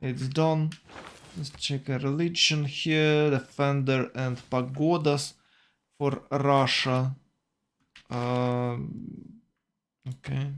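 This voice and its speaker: Male tournament caster, unhurried, halting, often corrects himself mid-sentence. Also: mid-range voice, little pitch movement, clean tone. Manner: hesitant, self-correcting, thinking aloud. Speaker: tournament commentator. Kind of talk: strategy game commentary.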